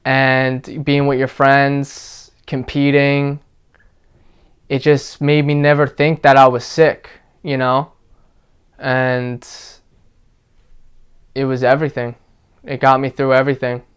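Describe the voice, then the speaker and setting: A young man being interviewed, recounting his experiences in a relaxed, casual way, with lots of fillers like "like". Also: mid-range voice, takes it slowly, long pauses, clear, resonant tone. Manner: relaxed, filler-heavy storytelling with frequent "like". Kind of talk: casual personal account.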